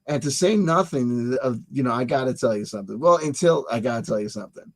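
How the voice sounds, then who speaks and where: Fast and with lively intonation, a mid-range-voiced man hosts his own channel and rattles through dates and history. He digresses, jokes, argues back with himself, and stumbles over repeated words.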